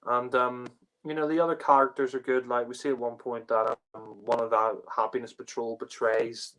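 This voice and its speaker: A man's voice: medium pitch, level tone, moderate pace, fairly bright tone, low-quality recording. A man giving a casual spoken review, rambling with lots of fillers and restarts. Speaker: podcast panelist reviewing a TV story.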